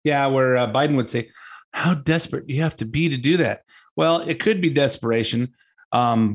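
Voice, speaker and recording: A man hosting a talk show, delivering an opinionated commentary monologue in a sarcastic, mocking tone that rambles with many restarts. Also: medium pitch.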